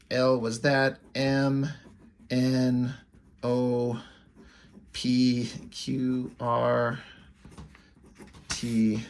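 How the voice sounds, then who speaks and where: Male vlogger, loose and rambling, quick to laugh and curse, casual show-and-tell delivery. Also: medium pitch. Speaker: video creator.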